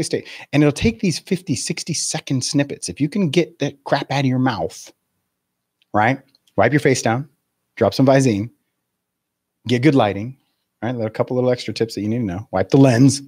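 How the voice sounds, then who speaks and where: A man's voice: medium pitch, expressive, moderate pace, a little mellow, husky, no echo, studio quality. A man in his forties, a real estate coach giving a live video webinar in a blunt, profane, laughing rant. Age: 40s.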